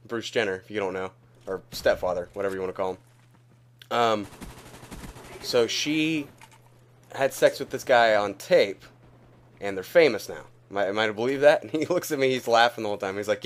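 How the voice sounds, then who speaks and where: A man's voice: on the low side, fast. Rambling, coughing young man gamer. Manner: rambling, profane, laughs at own stories. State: coughing, recovering from illness. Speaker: gaming YouTuber. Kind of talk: casual gameplay commentary.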